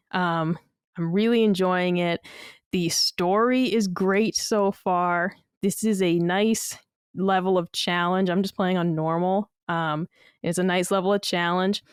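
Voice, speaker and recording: A woman's voice: lowish voice, clear, resonant tone, no room sound, studio quality. A woman co-hosting a casual gaming podcast, rambling with many fillers and casual swearing. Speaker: podcast co-host.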